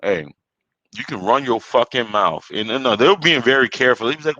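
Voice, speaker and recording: A man's voice: mid-range voice, animated, fairly quick, sharp tone, dry recording. A Caribbean-born man hosting a solo podcast, ranting heatedly with constant swearing and rambling repeats. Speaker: podcast host. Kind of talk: profane solo rant. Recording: dull lo-fi dry recording.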